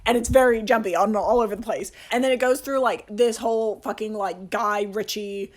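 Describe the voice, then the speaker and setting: A young man hosting a casual movie review, excitedly rambling and swearing as he gushes. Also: high-pitched, brisk. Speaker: video essay host.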